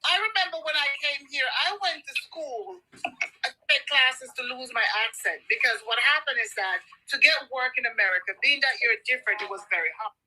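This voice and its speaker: Bright high-voiced Jamaican woman. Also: low-quality recording. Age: 50s. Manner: lively storytelling, emphatic. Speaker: talk show co-host. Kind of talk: casual panel chat.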